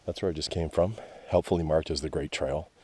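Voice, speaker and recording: Speaking a little fast in a very deep, husky, darkish voice with fairly even intonation, a Canadian-accented hiking vlogger talks to his action camera. His casual narration of the woodland trail is wry and full of grumbling.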